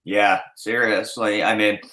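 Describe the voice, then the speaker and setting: Bright-voiced man in an echoey room. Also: fairly low pitch, level tone, unhurried. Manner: rambling, many fillers and restarts. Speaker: podcast host. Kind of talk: casual podcast chat. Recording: roomy echoey sound.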